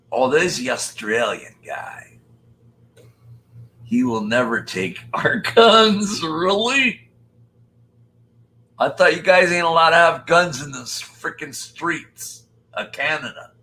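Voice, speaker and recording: Slow, bright-voiced older man hosting a stream. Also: medium pitch, sing-song, slight background noise, rough recording. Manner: chatty, jokey, greets viewers by name. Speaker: live-stream host reading chat. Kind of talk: casual live-stream chat.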